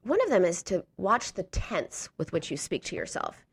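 A woman's voice: on the low side, wildly swooping pitch, normal speed, breathy edge. A woman giving an earnest, encouraging coaching talk to listeners, now and then acting out a harsh inner voice. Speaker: speaker on emotional eating.

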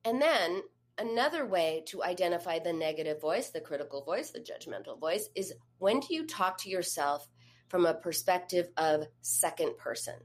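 A woman's voice: lowish voice, animated, moderate pace. A woman therapist and coach giving an advice talk, speaking conversationally and putting questions straight to the listener. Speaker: eating disorder therapist and coach.

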